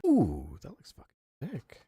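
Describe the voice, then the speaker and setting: A young man streaming, giving casual reaction commentary, excitable and profane, laughing often. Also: mid-range voice, takes it slowly, breathy edge, no echo.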